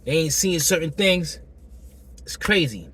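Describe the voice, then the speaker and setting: A man with a hoarse, still-recovering throat tells a personal story to camera in a loose, slangy way, repeating himself and acting out the exchanges. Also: a little high, animated, measured pace, pushed and bright. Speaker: vlogger telling a personal story.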